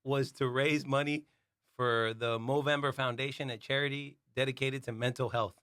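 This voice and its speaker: A man's voice: mid-range voice, fairly even intonation, moderate pace, a bit bright, dry recording. A man co-hosting a comedy podcast who laughs a lot and reads facts out plainly. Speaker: podcast co-host. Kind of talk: casual comedy podcast banter.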